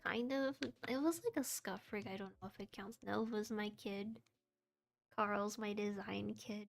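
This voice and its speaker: Young woman, high voice, unhurried, giggly, self-deprecating, casual stream chat. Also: vocal fry. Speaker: VTuber streamer and model rigger. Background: soft background music.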